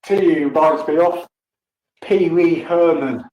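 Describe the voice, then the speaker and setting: Older livestreamer, tired and crude, very slow delivery, far from the mic in a boomy room. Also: male voice, muffled recording. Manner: crude, swearing, laughing often. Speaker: livestream host. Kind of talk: rambling casual chat to viewers. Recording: echoey room, distant mic, faint noise.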